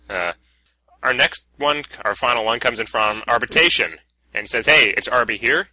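A man's voice: medium pitch, moderate pace, bright, forceful tone, rough recording. A man co-hosting a casual podcast, reading out listener submissions and prodding his partner. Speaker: podcast host.

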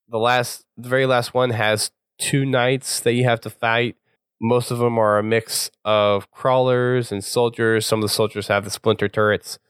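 A man hosting a casual game walkthrough, chatty and relaxed, laughing often, his voice still recovering. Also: on the low side, smooth, no room sound, clean studio sound. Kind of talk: casual gameplay commentary.

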